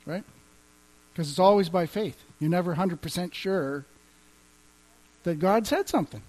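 Conversational pastor teaching, faint hum. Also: male voice, high voice, moderate pace, a little mellow, poor audio. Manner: conversational, chuckling, quotes scripture. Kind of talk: teaching on healing and faith.

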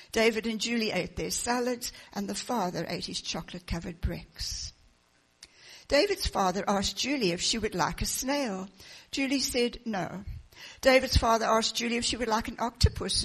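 A woman preaching a sermon, reading a children's story aloud with expressive storytelling. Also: medium pitch, husky.

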